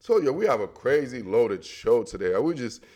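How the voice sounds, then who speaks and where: A man from the Washington, D.C. area hosting a sports podcast, talking football in a loose, slangy, animated way and repeating himself often. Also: medium pitch, moderate pace. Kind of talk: casual sports talk.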